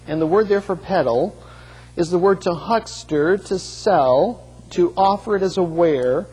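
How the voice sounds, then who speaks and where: A man delivering a sermon from the pulpit, his fairly high voice a little husky. He presses his points with rhetorical questions and stumbles into restarts as he goes. The sound rings with the long reverb of a large church hall. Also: a little slow, mellow. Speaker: pastor.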